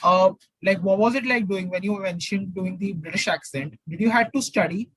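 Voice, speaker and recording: High-pitched husky young interviewer. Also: male voice, moderate pace, a bit bright, dry recording, rough recording. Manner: hesitant, rephrases his questions with many fillers. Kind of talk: casual interview questions.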